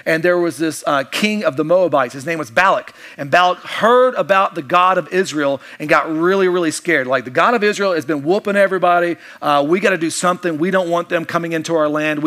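A man's voice: fairly high pitch, a bit bright. A man preaching a sermon, telling the story in a casual, joking way and acting out the characters' lines. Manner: storytelling, jokey, acts out quoted voices. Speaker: pastor.

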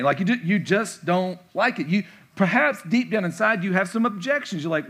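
A man's voice: fairly high pitch, quick pace, fairly bright tone. A pastor delivering a conversational sermon, playfully acting out imagined replies from his listeners. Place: church sanctuary.

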